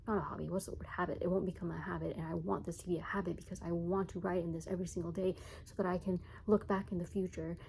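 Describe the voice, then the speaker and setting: A woman's voice: lowish voice, little pitch movement, fast, creaky, hardly any pauses, a little mellow, a little hiss or hum, poor audio. A young woman vlogging in a rambling, self-mocking way, laughing often. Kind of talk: casual chat to camera.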